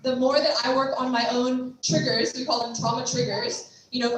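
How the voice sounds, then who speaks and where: A woman's voice: high voice, a bit bright. A young woman giving a chatty training talk to a group, often acting out quoted dialogue. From United States. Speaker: trauma care trainer and street outreach worker. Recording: echoey hall from far off, faint noise.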